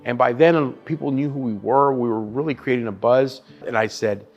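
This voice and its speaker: Soft background music accompanies a man whose mid-range voice is brisk with a darkish tone and clipped highs. He's a pitmaster and chef sharing his story in a relaxed interview, swearing emphatically and addressing the listener as bro and dude.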